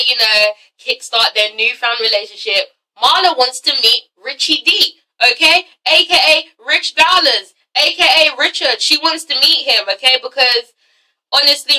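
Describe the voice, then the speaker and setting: A woman hosting a blunt, animated casual vlog review, swearing freely. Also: high-pitched, moderate pace, recorded from a distance, rough recording. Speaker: vlog host reviewing a reality TV show.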